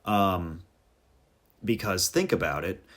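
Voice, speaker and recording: Man, podcast host, casual monologue, rambling jokey tangents, self-deprecating, lowish voice. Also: takes it slowly, a bit bright.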